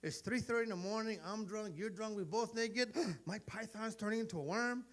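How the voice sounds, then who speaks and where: A man's voice: high voice, fairly quick. A man in his forties doing a profane stand-up set, telling stories and acting out the voices of the people in them. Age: 40s. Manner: animated, profane storytelling that acts out voices. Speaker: stand-up comedian. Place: live comedy venue.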